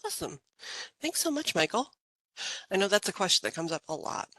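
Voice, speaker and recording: A woman's voice: mid-range voice, big pitch swings, brisk, fairly bright tone, no room sound, low-quality recording. A woman moderating an online question-and-answer webinar, upbeat and organized, speaking into a computer mic on a video call.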